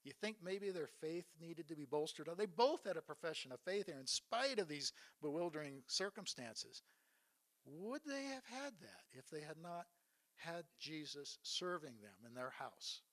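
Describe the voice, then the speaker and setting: A man delivers a sermon in an earnest, searching tone. His voice sits a little higher than most men's. He retells scripture and keeps asking his listeners rhetorical questions. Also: very animated, normal speed, a bit bright. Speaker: preacher. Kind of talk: sermon retelling Bible stories.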